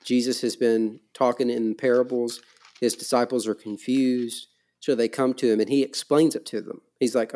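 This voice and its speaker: A man's voice: mid-range voice, flat delivery, moderate pace, dark tone. A man discussing scripture in a casual conversation, making emphatic points and checking in with his partner.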